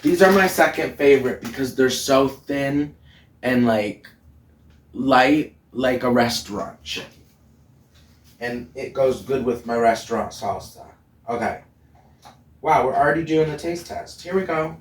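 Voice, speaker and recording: Playful man cooking, slow chatty talk. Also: medium pitch. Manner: playful, chatty, laughs often. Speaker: home cooking vlogger. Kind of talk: casual cooking vlog. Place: home kitchen. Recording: roomy sound from a distant mic.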